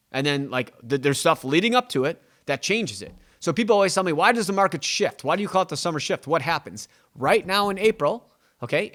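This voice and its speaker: Rambling, self-mocking man. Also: a little high. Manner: rambling, animated, self-mocking, acts out client dialogue. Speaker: real estate agent and podcast host. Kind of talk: casual podcast monologue.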